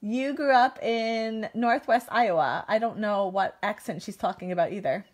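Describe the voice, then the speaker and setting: A woman's voice: mid-range voice, normal speed. A woman in her thirties demonstrating card making on a live stream, chatting and laughing as she answers viewer comments.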